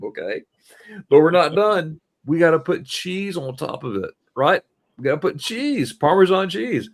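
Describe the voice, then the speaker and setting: A middle-aged man hosts a casual live stream in an animated storytelling manner. He keeps quizzing his listeners and has a medium-pitched, everyday voice. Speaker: host.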